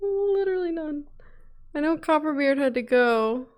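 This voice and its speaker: A woman's voice: high-pitched, expressive, moderate pace, a little mellow. A woman hosting a roleplay series, chatting casually out of character after a session, laughing often and swearing lightly, at home. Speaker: roleplay host. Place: home room being moved out of.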